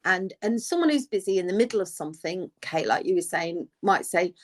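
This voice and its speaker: Her voice is lowish and fairly quick, with few pauses. The middle-aged woman, a nurse co-hosting an advice podcast, tells stories animatedly in a casual chat and performs the lines she quotes.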